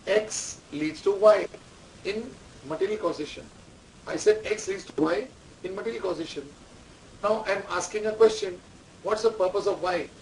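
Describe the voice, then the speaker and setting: A man giving a classroom lecture, repeating key terms and quizzing students. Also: high voice. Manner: repetitive, quizzing the class, dictating instructions. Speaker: management lecturer. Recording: distant mic, faint room noise.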